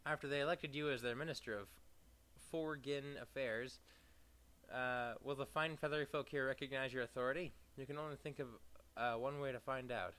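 A young man giving casual, profane gameplay commentary, reading game text aloud with sarcastic asides and sudden loud outbursts. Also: mid-range voice, fairly even intonation, fairly quick. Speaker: let's play gamer.

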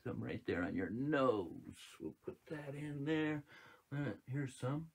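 A man's voice: a little high, huge pitch swings, a little slow, muffled recording. A man hosting a live children's show, playfully doing magic tricks, gasping and singing for kids.

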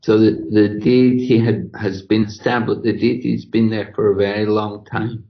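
Male lecturer, gravelly, halting storyteller, lo-fi recording. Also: fairly low pitch, level tone. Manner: halting, repeats words, many "you know". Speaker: scripture class speaker.

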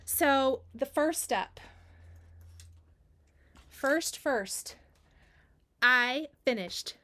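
Hiccuping as she goes, this cross stitch host shows off her completed work in a relaxed chat, raving about it and doubling up words for emphasis. Her medium-pitched voice sounds pushed and bright, with a clean tone.

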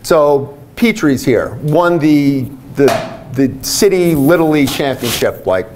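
A man in his sixties, a biology instructor, giving a relaxed retirement lecture full of anecdotes, with lots of "like" fillers and restarts. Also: on the high side, a little slow, slight background noise.

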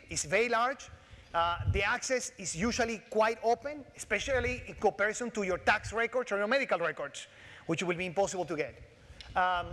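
High-voiced Latino-accented man giving a keynote. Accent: Latin American Spanish. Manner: animated, joking, with frequent restarts and fillers. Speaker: keynote speaker. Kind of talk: conference keynote lecture. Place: large conference hall. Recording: long hall reverb.

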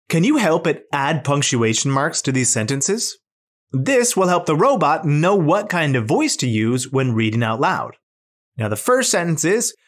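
A teacher narrates a children's lesson, speaking slowly and clearly. The voice swoops up and down with bouncy, animated intonation. The tone is encouraging and is pitched to keep young kids listening.

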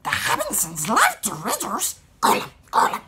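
A young man doing a raspy, phlegmy voice of a little alien creature that slides into a hissing cave-dweller, with gurgling, sing-song delivery. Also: very high voice, huge pitch swings, moderate pace, voice pushed up, full character voice. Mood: gravelly impression.

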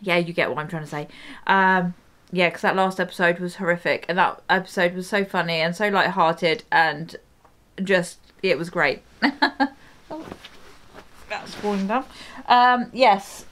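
A woman's voice: lowish voice, unhurried, a bit bright. A woman hosting a reaction video, chatting casually, full of exclamations and frequent laughter.

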